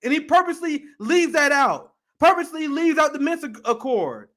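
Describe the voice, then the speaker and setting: A man reacting to a video clip, his voice riding very high as he rants. He talks fast and heatedly, with plenty of profanity. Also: very animated, a bit bright. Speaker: commentary co-host.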